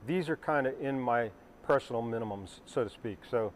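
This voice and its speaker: A man's voice: mid-range voice, moderate pace, a little hiss or hum. A man hosting a live stream as a pilot, talking casually and rambling with asides to his viewers. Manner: conversational, rambling with fillers and asides. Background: helicopter starting up nearby.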